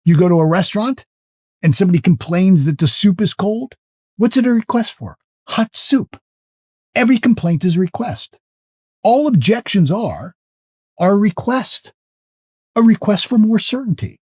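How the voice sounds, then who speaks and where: Middle aged guy teaching cold calls, repeats himself a lot, pitch jumps all over. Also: warm tone, no echo, studio quality. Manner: emphatic, repeats key phrases, stammers on restarts. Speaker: sales coach. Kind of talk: spoken sales lesson.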